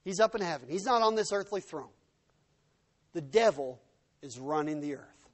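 A man preaching a sermon, retelling a story dramatically, acting out the shouts and quoted speech of the people in it and swinging from hushed to loud. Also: fairly high pitch, animated, moderate pace, pauses often.

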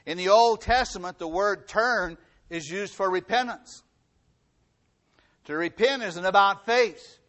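A middle-aged man preaching a sermon as the pastor, building his points by repetition and swinging between loud emphasis and hushed, quiet passages. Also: high-pitched, measured pace.

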